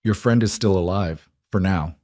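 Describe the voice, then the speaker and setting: Man doing a cold calm mobster, smooth, menacing, low-set voice, dry storybook read. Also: normal speed, no echo. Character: cold, calm male mob interrogator in a suit.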